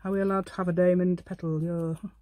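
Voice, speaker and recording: A woman's voice: on the low side, flat delivery, fast, mellow, no room sound. A woman hosting a casual crafting tutorial at her craft table at home, thinking aloud and asking the viewer questions as she works. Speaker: craft channel host.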